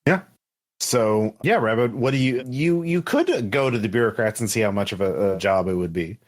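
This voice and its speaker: A man's voice: lowish voice, lively intonation, moderate pace. A man running a tabletop game as game master, talking in a loose, casual way. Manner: casual, loose, filler-heavy.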